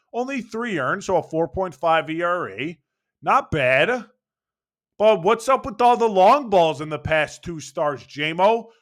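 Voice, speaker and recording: Guy ranting about baseball, high bright voice, sarcastic and swearing. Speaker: baseball fan commentator. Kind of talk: ranting sports commentary.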